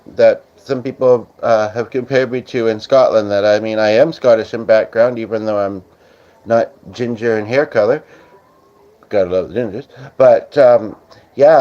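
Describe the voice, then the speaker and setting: A man's voice: mid-range voice, darkish tone. A man hosting a casual livestream, rambling with many fillers as he reads viewer comments aloud. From Canada. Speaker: livestream host. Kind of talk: casual live-stream chat. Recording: slightly dull lo-fi audio.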